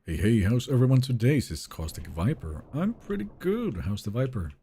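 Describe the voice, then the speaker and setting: Husky guy streaming a game, slow and laid back, wry jokes to chat, voice bounces around a lot. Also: medium pitch, sing-song, dark tone. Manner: wry and joking, trails off into mumbles. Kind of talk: casual stream chat, reading viewer messages aloud.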